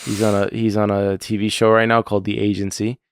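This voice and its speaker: A man's voice: lowish voice, fairly quick, clear, resonant tone. A man co-hosting a podcast, chatting casually about a TV episode and now and then acting out lines in a raised voice. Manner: animated, acts out lines from the show in raised voices. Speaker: podcast co-host.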